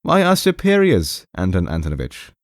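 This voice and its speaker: In this audiobook clip, a male narrator plays a nervous clerk who pleads timidly, his voice trembling as he keeps saying the other man's name. The delivery is very animated at a moderate pace, with medium pitch and a darkish tone, pushed up from his natural voice and lightly acted. It's studio quality with no echo.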